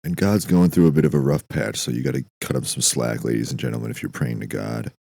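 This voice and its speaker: A man hosting a podcast, delivering a dry, deadpan, profane comedic monologue. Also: very deep voice, quick pace, creaky, breathy edge, no room sound. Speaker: podcast host.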